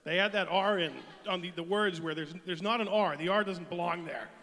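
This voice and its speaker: High-voiced man joking on a hall stage. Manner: quick dark joking, puts on voices. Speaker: comedian. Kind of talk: stand-up comedy duo banter.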